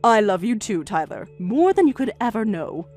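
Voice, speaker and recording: A woman voicing a calm, firm older grandmother in a narrated story, speaking in a measured, steady way over faint music. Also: medium pitch. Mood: gentle.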